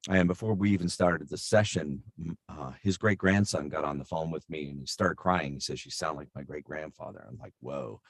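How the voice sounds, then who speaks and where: Very deep-voiced man telling rambling stories. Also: a little fast, dry recording, clean studio sound. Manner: rambling, many fillers and restarts. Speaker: voice actor guest. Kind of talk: casual interview storytelling.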